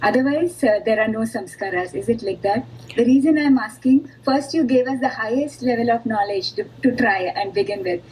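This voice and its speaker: A woman's voice: on the high side, a little fast, few pauses, a little mellow, breathy edge, rough recording. A woman student asking her teacher questions in a class and searching for her words.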